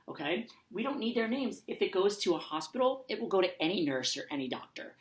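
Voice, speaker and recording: Low-voiced woman teaching young children. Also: echoey room, rough recording. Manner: slow, dictating aloud while writing. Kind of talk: online lesson for children.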